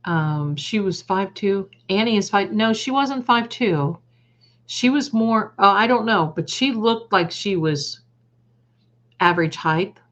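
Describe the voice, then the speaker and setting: A woman hosting a psychic livestream, chatting with viewers, trailing off and restarting, and slowly reading out lists of words. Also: mid-range voice, lively intonation, dull audio. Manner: reads out word lists slowly.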